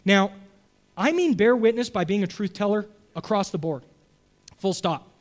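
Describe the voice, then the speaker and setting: A man's voice: high-pitched, normal speed. A man preaching a sermon in a conversational, emphatic way, often checking in with "okay?" and "right?". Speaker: pastor.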